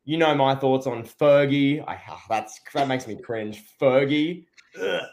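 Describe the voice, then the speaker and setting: A man's voice: medium pitch, unhurried, a little mellow. A man co-hosting a casual wrestling review podcast, talking in a rambling, sarcastic way and often restarting his sentences. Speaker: podcast co-host.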